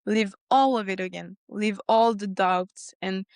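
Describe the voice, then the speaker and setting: Smooth-voiced woman telling her faith story. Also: mid-range voice, a little slow, no echo, studio quality. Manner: earnest, tells her story with animated retellings and laughter. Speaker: podcast guest. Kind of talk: personal testimony in a conversation.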